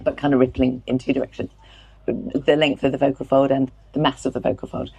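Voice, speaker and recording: A woman vocal coach on stage, explaining how the voice works in a clear, instructive and encouraging way. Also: a bass voice, flat delivery, a little fast, dark tone, muffled recording. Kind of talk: explaining and leading vocal warm-ups. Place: stage before a live audience.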